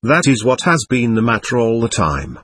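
A man's voice: medium pitch, big pitch swings, normal speed, a bit bright, slightly rough, dry recording. A man reading the part of a domineering, aloof man chasing occult power, in an intense, persuasive way. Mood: brooding. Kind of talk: audiobook reading.

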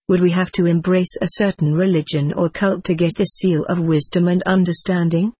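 A text-to-speech voice narrating an audiobook with a flat, even synthetic delivery. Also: mid-range voice, normal speed, few pauses, slightly rough, dry recording.

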